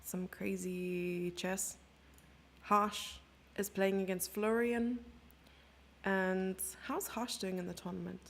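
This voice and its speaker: A woman's voice: medium pitch, steady tone, takes it slowly, a little hiss or hum. A woman streamer giving chatty live chess commentary, thinking aloud and sometimes dropping into a whisper.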